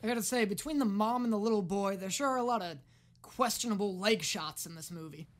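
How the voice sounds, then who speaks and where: Hosting a reaction video, a woman with a mid-range voice talks a little fast. Her commentary is casual and sarcastic, full of swearing and frequent yelling at what's on screen.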